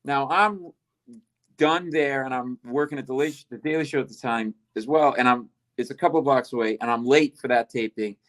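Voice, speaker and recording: A man's voice: medium pitch, moderate pace, fairly bright tone. A middle-aged male comedian, a guest, telling a self-deprecating story with lots of energy and acting out the dialogue. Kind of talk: comic storytelling.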